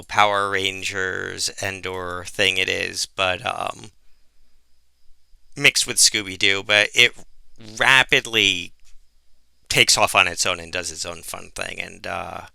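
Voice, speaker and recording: A man co-hosting a podcast in casual chat, animated and laughing as he tells stories. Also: fairly low pitch, vocal fry, smooth, no echo. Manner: mimics voices in quoted anecdotes. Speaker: podcast co-host.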